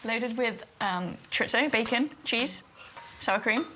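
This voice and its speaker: Woman host, nervous and self-deprecating, higher voice, dishes clinking behind. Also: animated, measured pace, noisy background. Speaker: dinner party host. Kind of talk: casual chat at a dinner table. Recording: clattering cutlery and dishes behind.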